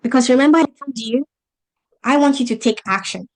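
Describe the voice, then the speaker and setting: Woman business coach, non-native English accent, slightly high pitch, emphatic motivational delivery over a video call. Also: a little fast. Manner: motivational, emphatic, rhetorical questions. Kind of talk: webinar teaching.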